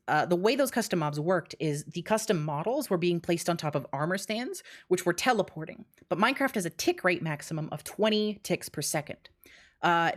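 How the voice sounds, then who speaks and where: Breathless, excited young woman streamer. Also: fairly low pitch. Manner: animated, rushing, laughs between phrases. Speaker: streamer and game mode developer. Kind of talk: excited live-stream walkthrough.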